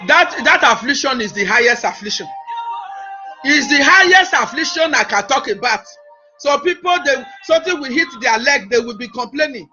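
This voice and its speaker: Over background music, a preacher with a remarkably high voice hammers his points home, repeating himself and frequently restarting phrases. The sermon's audio is muffled and low in fidelity.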